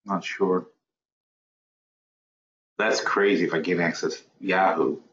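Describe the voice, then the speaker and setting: A lower-pitched man hosts an online trading webinar and rambles through it, muttering at his screen and correcting himself mid-sentence. The sound is roomy and a bit dull, like lo-fi webinar audio. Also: fairly even intonation, slow pace, a bit bright, slight background noise. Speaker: webinar host. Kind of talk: live trading webinar, thinking aloud.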